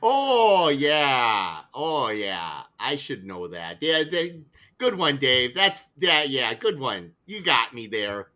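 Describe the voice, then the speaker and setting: Gamer, man, slow and lively-pitched, playful stammering improv. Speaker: player. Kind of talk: in-character improv role-play.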